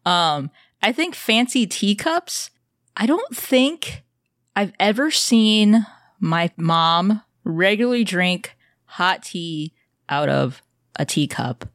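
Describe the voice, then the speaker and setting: A woman co-hosting a podcast in casual chat, animated, swearing and laughing often. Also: medium pitch, takes it slowly, no echo, studio quality. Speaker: podcast co-host.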